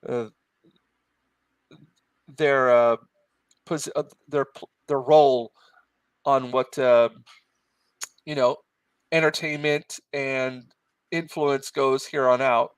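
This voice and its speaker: A man's voice: mid-range voice, fairly even intonation, slow pace, pauses often, smooth, dry recording. A middle-aged man hosting a live art stream, chatting casually and hesitantly with fillers while he draws. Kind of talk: casual chat while drawing.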